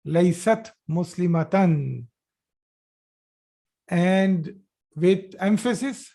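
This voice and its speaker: A man teaching an Arabic grammar class live over a video call, slowly repeating each phrase and praising his students as they answer. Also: high voice, animated.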